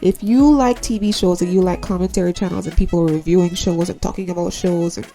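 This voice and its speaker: A woman's voice: lowish voice, steady tone, a little fast, mellow, soft background music. A tired woman chatting casually to her viewers as a gaming vlogger, rambling and repeatedly asking them to subscribe. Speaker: Sims YouTuber.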